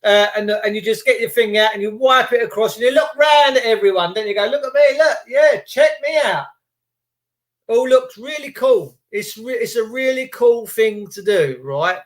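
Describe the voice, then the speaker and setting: A man ranting casually to his viewers, acting out little scenes in quick put-on voices, slangy and swearing. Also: high-pitched. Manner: slangy, swears, rhetorical questions. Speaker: video host.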